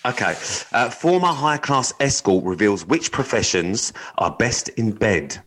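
A man's voice: medium pitch, lively intonation, measured pace, fairly bright tone, rough recording. A man co-hosting a podcast, chatting casually and reading odd news items aloud in a blunt, joking, sweary way. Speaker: podcast co-host.

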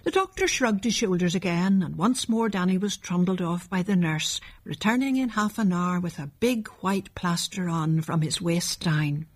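A woman narrating a children's storybook in a calm, measured reading. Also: on the low side.

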